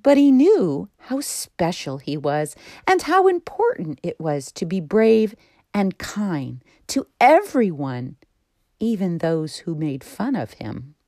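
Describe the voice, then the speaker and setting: A woman host narrating a children's story in an expressive storytelling manner. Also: lowish voice, slow pace, no echo, clean studio sound.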